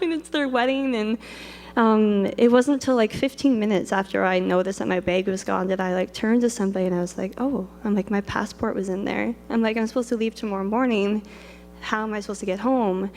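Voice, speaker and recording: A woman's voice: on the high side, a little mellow. A young woman from Canada, a wedding photographer telling a personal story at length, full of "like" and quoted self-talk. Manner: fast, filler-heavy retelling with many "like"s and acted quotes. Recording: long reverb of a large hall.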